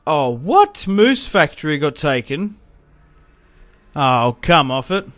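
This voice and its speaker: A young man giving casual commentary over a strategy game, chatty and quick to react loudly when things go wrong. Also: a little high, very animated. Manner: chatty, reacts loudly to setbacks, self-mocking laughs. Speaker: gaming YouTuber.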